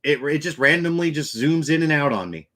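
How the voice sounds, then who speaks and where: A man's voice: a little high, expressive, a little fast, sharp tone. A man hosting a livestream in casual chat, loose and talkative with frequent restarts. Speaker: livestream host.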